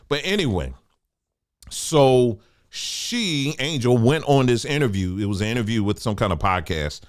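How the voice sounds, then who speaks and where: A man in a Black talks through a casual podcast monologue, joking and wandering into asides. His pitch swings up and down expressively. The recording is close and dry, with no room sound. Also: dry recording. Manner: laid-back, joking, lots of asides and fillers. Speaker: podcast host.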